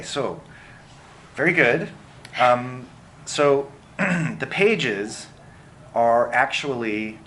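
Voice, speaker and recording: A middle-aged man, a film director, answering interview questions in an animated way with many fillers and restarts. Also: lowish voice, slight background noise.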